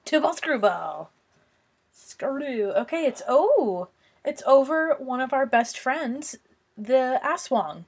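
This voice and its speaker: A woman co-hosting a podcast in loose, casual chat. Her voice is breathy and husky, and she talks slowly. She teases her friend with a bouncy, swooping delivery and giggles often. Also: sits high. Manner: giggly, teasing, lively. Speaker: podcast co-host.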